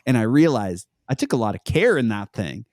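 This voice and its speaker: A man's voice: mid-range voice, sing-song, a little fast, darkish tone, no echo. Laid-back young man, dry sound. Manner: laid-back storyteller, laughs often. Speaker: podcast guest. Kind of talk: casual chat.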